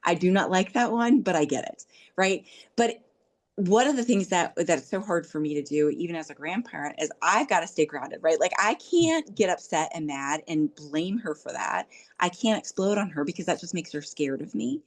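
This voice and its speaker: A middle-aged woman talks through relationship advice on a podcast in a casual, earnest, coaching way. She often slips into quoting everyday dialogue. Her voice sits somewhat low for a woman. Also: animated, moderate pace. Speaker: podcast host.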